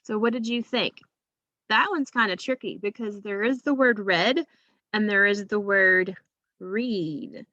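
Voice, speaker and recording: A woman's voice: mid-range voice, normal speed, pushed and bright, no echo, lo-fi sound. A woman teacher giving a phonics lesson to young children, patient and drawing out each sound.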